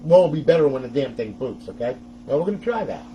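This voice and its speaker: A man's voice: mid-range voice, very animated, fast talker, lo-fi sound, a little hiss or hum. A middle-aged man hosting a casual step-by-step tech tutorial, chatty and often laughing as he talks to viewers.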